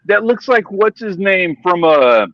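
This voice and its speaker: A man's voice: high voice, sing-song, measured pace, no room sound, dull audio. A man in a casual stream chat, telling stories eagerly and swearing casually.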